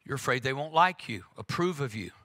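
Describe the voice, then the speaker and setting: A man's voice: mid-range voice, expressive, fairly quick, bright, forceful tone. A man preaching a conversational sermon, talking earnestly and frankly, with frequent "uh"s and restarts.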